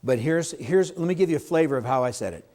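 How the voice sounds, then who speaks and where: A man's voice: a little high, expressive, quick pace, a little mellow. Emphatic man teaching a sales seminar. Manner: emphatic, asks the audience questions, acts out client quotes. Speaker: real estate sales trainer. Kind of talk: seminar talk to a live audience.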